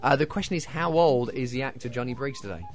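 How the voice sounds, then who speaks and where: A man hosting a breakfast radio show in a studio, chatting casually, self-mocking and quick to laugh. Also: medium pitch, soft background music. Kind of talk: casual chat with quiz. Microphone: studio microphone.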